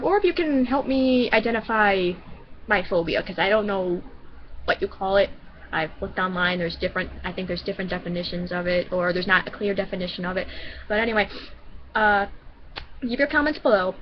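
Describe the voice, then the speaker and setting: A woman's voice: medium pitch, lo-fi sound, slight background noise. A woman vlogger from Michigan telling a personal story casually, rambling and often restarting her sentences.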